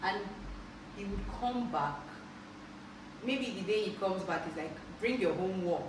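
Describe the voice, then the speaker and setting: A lively Nigerian vlogger tells stories casually at a measured pace in a Nigerian English accent. She is animated, laughs often, and bursts into high exclamations. The recording comes from an echoey room with a distant mic and background noise.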